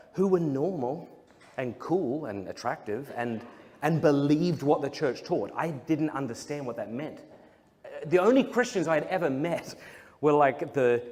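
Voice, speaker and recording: A young Australian Catholic speaker, his voice on the high side, tells funny stories to a live audience, joking and acting out the voices of the people in them. The hall has long reverb and faint crowd ambience.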